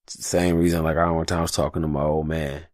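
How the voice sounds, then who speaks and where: Male podcast host, young adult, deep voice, heated profane solo rant, dry close mic. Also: little pitch movement, fast, a little mellow, no echo.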